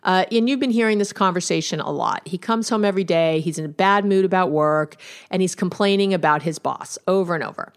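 A woman therapist hosts an instructional podcast, explaining relationship tools in a casual, conversational monologue. Her voice is on the low side and fairly quick, and she acts out sample exchanges with quoted lines, laughing now and then.

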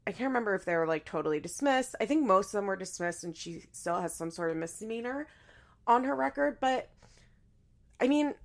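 A young woman hosting her own podcast in casual solo chat, hoarse and stuffy-nosed from allergies, talking chattily with frequent laughs and restarts. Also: medium pitch, lively intonation, brisk. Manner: chatty, laughs often, many fillers and restarts. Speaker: podcast host.

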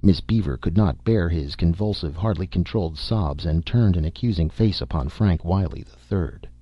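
A man narrating a story in a steady, measured reading. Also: low-pitched, husky, no room sound, highs cut off. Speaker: audiobook narrator. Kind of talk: scripted narration.

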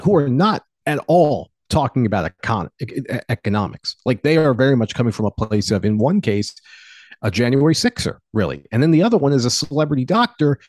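A man's voice: medium pitch, dry recording. A man giving opinionated political commentary as a talk show guest, arguing his points with energy. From Pennsylvania. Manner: opinionated, animated argument.

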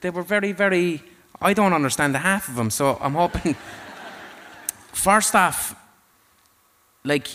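A man's voice: sits high, unhurried, pauses often, fairly bright tone, a little hiss or hum. A man hosting a podcast in casual chat, rambling, jokey and irreverent. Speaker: podcast host.

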